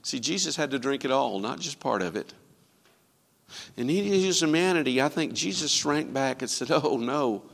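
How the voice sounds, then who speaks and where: A man preaching a sermon, quoting scripture and swinging from loud, ringing lines to hushed ones. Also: mid-range voice, expressive, normal speed, creaky, big-room sound.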